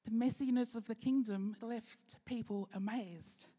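A woman pastor giving an earnest sermon with rhetorical questions, slowing down for key phrases. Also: on the high side, fairly even intonation, dark tone, slightly rough. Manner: earnest preaching, rhetorical questions, slows for emphasis. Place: church hall. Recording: long hall reverb.

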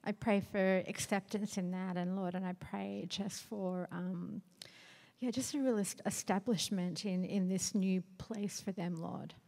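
Woman leading spoken prayer, warm mellow tone. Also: mid-range voice, steady tone, a little slow, vocal fry. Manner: repeats "Lord" often, earnest. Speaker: congregation member praying.

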